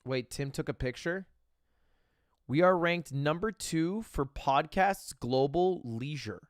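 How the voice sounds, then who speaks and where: A man's voice: fairly high pitch, lively intonation, slow. A man talking casually on a livestream as a streamer and podcast host, reacting with incredulous outbursts and plenty of swearing.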